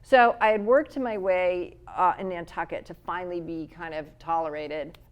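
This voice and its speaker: A woman's voice: lowish voice, normal speed. A middle-aged woman, chatting casually and telling a story, acting out the quotes. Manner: storytelling, animated, acts out quotes. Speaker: podcast co-host. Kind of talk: casual chat.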